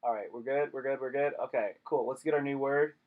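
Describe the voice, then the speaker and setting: A man's voice: mid-range voice, fairly even intonation, a little fast, phone-quality sound. A young man chatting casually on a live stream, joking and rambling with lots of slang.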